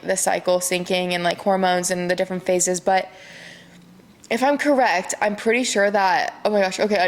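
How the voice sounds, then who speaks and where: A woman's voice: mid-range voice, gravelly. Young woman host chatting openly. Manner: rambling, open and confiding, heavy use of "like". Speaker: podcast host. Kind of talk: casual solo podcast chat.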